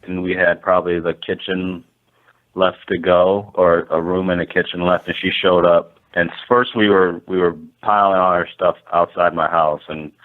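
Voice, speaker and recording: A man, a landlord guest, telling a story casually and rambling, full of "like" and acted-out quotes. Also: low voice. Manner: rambling, animated, lots of "like" and quoted dialogue. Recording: tinny phone-like line.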